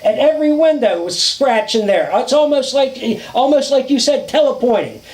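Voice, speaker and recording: A man casually telling a ghost story outdoors at a campfire, dramatic and drawn-out, with swearing. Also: extremely high pitch, animated, darkish tone, roomy sound, rough recording.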